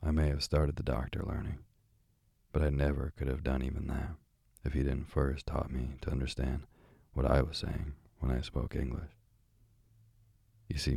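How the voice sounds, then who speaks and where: Chatty old parrot read by a man; very low, husky, dark, dry close sound. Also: dry recording, full character voice.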